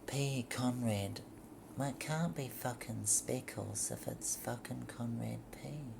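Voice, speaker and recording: A woman's voice: extremely low pitch, slow. A woman reading a novel aloud in a mocking, sarcastic, profane way. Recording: clear background noise.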